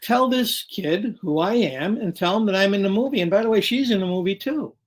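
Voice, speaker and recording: A breezy young movie actor brags to a doubting kid with a teasing lilt, as an older man recounts him in a talk show story. The voice sits a shade higher than the storyteller's own and stays light and easygoing. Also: animated, fairly quick.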